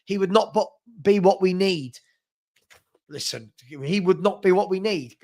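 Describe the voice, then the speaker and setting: A man's voice: high voice, measured pace, darkish tone. A young man hosting a casual live football fan chat, reading comments aloud with lots of fillers and restarts.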